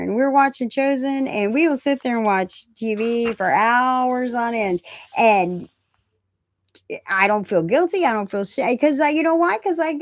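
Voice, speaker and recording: A woman's voice: high-pitched, no room sound. A woman in her fifties hosting a recovery talk, blunt and self-mocking, stressing her points by repeating phrases and laughing at her own jokes. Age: 50s. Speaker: recovery meeting host. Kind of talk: casual live-stream talk.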